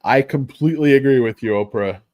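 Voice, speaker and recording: A man's voice: mid-range voice, brisk, darkish tone, no room sound. A middle-aged man in a mid-range voice chats loosely about stocks, cursing freely and poking fun at himself. The sound is close and dry, with no room around it. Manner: rambling, profane, self-mocking. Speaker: stock market streamer. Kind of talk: casual livestream chat.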